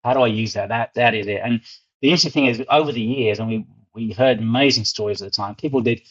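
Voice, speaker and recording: A man's voice: mid-range voice, fast, fairly bright tone. A middle-aged man with a London accent, telling stories as an interview guest and often repeating words as he gets going. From England. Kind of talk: storytelling interview. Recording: muffled lo-fi audio.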